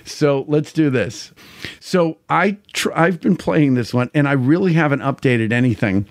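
New man, 50s, livestream host; rambling, crude jokes, animated pitch. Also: a little slow, dry recording, clean studio sound. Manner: loose, crude, jokey rambling with frequent laughter. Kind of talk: casual chat.

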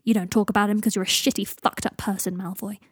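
A woman's voice: medium pitch, little pitch movement, fast, slightly rough, no room sound, studio quality, close to an everyday voice. A woman voicing a big blunt angry young man. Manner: blunt, loud and bitter. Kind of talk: fan fiction audiobook reading.

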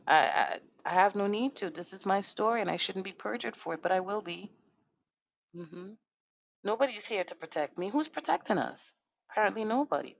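A woman hosting a podcast, delivering an impassioned monologue that is angry, profane and full of rhetorical questions. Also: mid-range voice. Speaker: podcast host. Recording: dull dry lo-fi recording.

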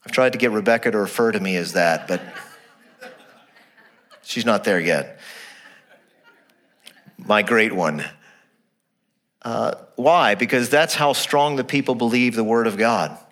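A male pastor preaching a sermon to his congregation, animated, asking rhetorical questions and repeating his phrases, dropping to a quiet low voice for emphasis. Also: normal speed.

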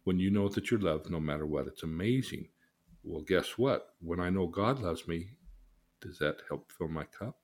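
An older man, a counselor, teaching in a casual way and telling folksy stories with lively acted-out quotes. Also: low voice, normal speed. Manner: folksy, animated storyteller who acts out quotes.

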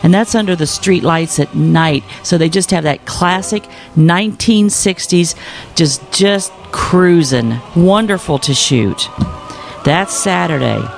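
A man's voice: on the high side, a little slow, vocal fry, faint music behind. A man hosting a podcast, upbeat as he announces weekend event plans in casual chat. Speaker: podcast host.

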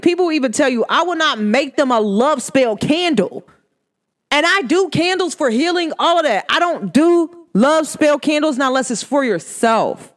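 A woman's voice: sits high, expressive, normal speed. A woman who reads energy and makes candles, talking bluntly and with animation in a casual podcast monologue. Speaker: spiritual reader and candle maker.

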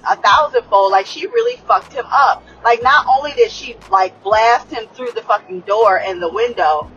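Woman, excitable rambling recap chat, lots of swearing, faint music behind, dull lo-fi sound. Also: on the high side, moderate pace. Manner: excitable, profane, rambling with many fillers. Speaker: show reviewer.

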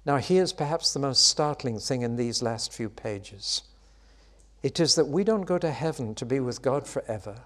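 A man preaching a sermon, expressive, building to loud, high exclamations and dropping back to soft, quiet lines. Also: moderate pace.

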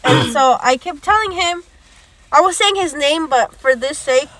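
A woman's voice: high voice, animated, a little slow, over a noisy crowd. A young woman, telling a story in casual chat, acting out quoted lines and swearing often. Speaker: podcast co-host.

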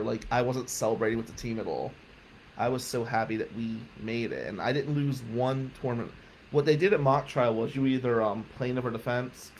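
A man telling a personal story in an emphatic, profane way, loudly acting out the people he quotes. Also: mid-range voice, slight background noise, poor audio.

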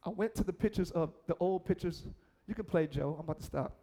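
High-voiced animated preaching man. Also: fast talker. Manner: animated preaching, acts out voices, shouts for emphasis. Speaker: pastor. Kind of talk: sermon.

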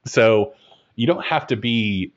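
A man talking as a game master in a relaxed podcast conversation, chatty and self-deprecating. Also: mid-range voice, slow. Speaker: game master and host of a broadcast tabletop game show. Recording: dull lo-fi recording.

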